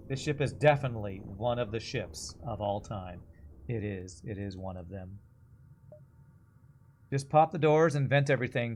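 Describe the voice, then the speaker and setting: A man's voice: medium pitch, a little hiss or hum. A man in his forties with an American accent, rambling through casual game commentary and reading out chat. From Texas, USA. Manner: chatty, rambling, reads chat aloud. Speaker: game streamer. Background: faint game music.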